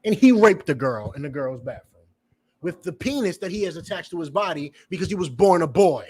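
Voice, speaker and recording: A man's voice: fairly high pitch, very animated, a little fast, darkish tone, husky. A man giving a fiery, profane preaching lecture, repeating points and questioning his listeners. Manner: emphatic, repetitive, profane; questions the audience directly. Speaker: preacher and teacher.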